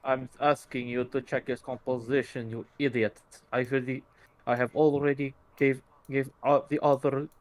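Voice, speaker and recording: Man putting on a Russian accent, sarcastic gruff hero, tabletop role-play, mid-pitched. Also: flat delivery, normal speed, close to an everyday voice. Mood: irritated. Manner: sarcastic, stumbling over words.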